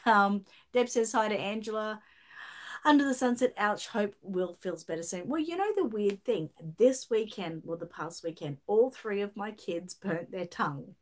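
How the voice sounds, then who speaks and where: A woman's voice: medium pitch, lively intonation, normal speed. A middle-aged Australian woman, slightly throaty from a chest infection, chatting casually on a livestream and reading out viewer comments. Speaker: livestream host.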